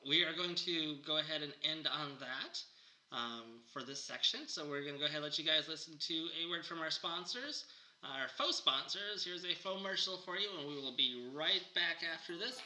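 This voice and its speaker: Chatty man with a bright voice. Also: fairly high pitch, lively intonation, moderate pace, low-quality recording. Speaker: podcast host. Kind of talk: casual chat.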